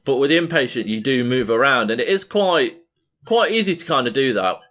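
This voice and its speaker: A man's voice: mid-range voice, lively intonation, fairly quick, fairly bright tone. Man, podcast co-host, mid-range voice, rambling, filler-heavy, swears, casual chat.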